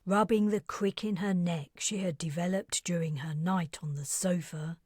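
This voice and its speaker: A woman who is the author, reading her own audiobook in a soft, breathy manner. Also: lowish voice, steady tone, normal speed, no room sound, clean studio sound. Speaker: author and narrator. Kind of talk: scripted audiobook narration.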